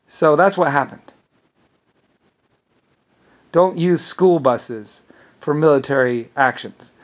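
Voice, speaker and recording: A man with a fairly high voice delivers an angry, rambling vlog monologue, taking it slowly. Indignant and profane, he swears and repeats words whenever he stumbles.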